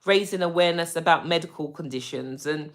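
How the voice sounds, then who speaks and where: A woman from the UK hosting a casual live stream, greeting viewers with lots of ums and gushing when she gets excited. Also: low-pitched, a little fast. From United Kingdom. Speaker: livestream host.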